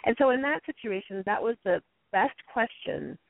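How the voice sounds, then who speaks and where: A woman telling stories as a guest in a casual interview, acting out what people said with quick jumps into a high voice. Her voice has a slightly gravelly edge. The sound is dry and thin, like a phone line. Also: no room sound. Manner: animated storyteller, acts out quotes in a high voice. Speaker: guest speaker on conflict.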